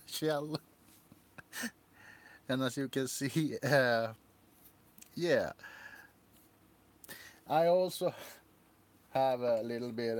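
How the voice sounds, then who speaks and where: Slow, giggly man on a livestream. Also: mid-range voice. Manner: giggly, rambling. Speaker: livestream host. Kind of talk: casual livestream chat.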